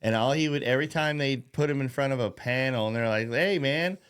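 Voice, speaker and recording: A man's voice: mid-range voice, quick pace, clean tone. Profane, rambling man ranting on a podcast. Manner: profane, rambling, laughs at his own jokes; mocking. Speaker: podcast host. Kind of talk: casual political rant.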